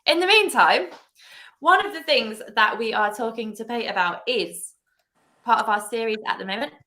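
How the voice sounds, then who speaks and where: A woman's voice: on the high side, normal speed, bright, forceful tone. Bubbly woman hosting a livestream. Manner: bubbly, laughs often, chatty. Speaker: host. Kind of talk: casual live-stream chat.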